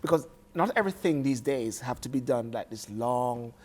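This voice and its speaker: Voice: mid-range voice, animated, normal speed. A talk show host interviewing a guest, often repeating words as the questions get going.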